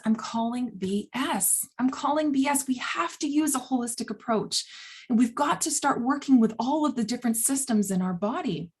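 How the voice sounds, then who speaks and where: A woman speaking as a holistic health coach in a casual, earnest vlog monologue, animated and blunt, often laughing between phrases. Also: on the high side, moderate pace, husky. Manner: blunt, self-described swearer.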